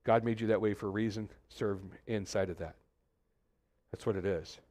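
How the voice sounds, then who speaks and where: Animated pastor preaching in a dry room. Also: male voice, fairly low pitch, moderate pace, no echo. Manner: animated, acts out voices in quotes, many restarts. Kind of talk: conversational sermon. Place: church suite, indoors.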